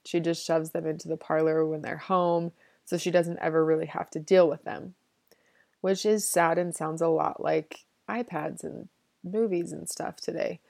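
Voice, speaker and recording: Woman presenting a chatty book summary, slightly low voice, dry booth-like sound, talks in slang. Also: steady tone, moderate pace, gravelly, darkish tone, no room sound. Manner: chatty, slangy retelling with frequent "like".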